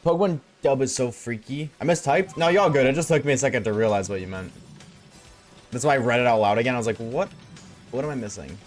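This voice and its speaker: A man's voice: mid-range voice, fast, faint music behind. A man streaming a game and chatting casually with his viewers, laid-back and slangy, reading chat aloud.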